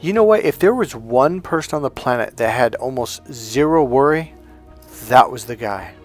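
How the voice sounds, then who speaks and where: A man's voice: medium pitch, animated, normal speed, faint music behind. A man working as a life coach, telling a personal story in a reflective, conversational way with restarts and fillers.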